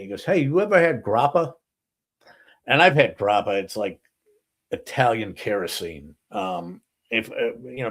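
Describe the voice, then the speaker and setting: A man hosting a talk show, telling a long anecdote in an animated, profane way. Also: on the low side, vocal fry. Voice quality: animated, profane storytelling with many "he goes".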